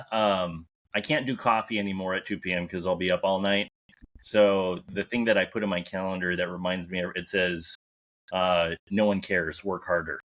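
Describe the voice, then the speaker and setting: A man's voice: low voice, fairly even intonation, normal speed, fairly bright tone. A man hosting a podcast interview, chatting casually and giving upbeat, encouraging advice. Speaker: podcast host.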